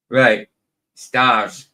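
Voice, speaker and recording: A man's voice: mid-range voice, bright, forceful tone. A British man hosting a casual podcast chat, rambling and laughing often. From United Kingdom. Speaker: podcast host.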